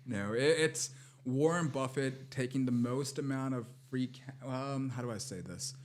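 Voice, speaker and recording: A man co-hosting a comedy podcast, talking in a halting, self-deprecating way. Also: medium pitch. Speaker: podcast co-host. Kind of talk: casual comedic chat.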